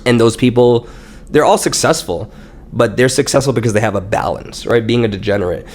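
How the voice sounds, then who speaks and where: Man, podcast guest, animated swearing storyteller, mid pitch, faint room noise. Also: fairly quick. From Canada. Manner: animated, swearing, quotes himself and others in a lively voice. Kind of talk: casual storytelling chat.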